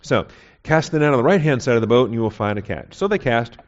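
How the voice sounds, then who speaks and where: Speaking fast and animatedly at medium pitch, a male pastor works through a Bible passage in an expository, conversational sermon. He throws out rhetorical questions and keeps asking "okay?", all captured on a slightly muffled, dull recording.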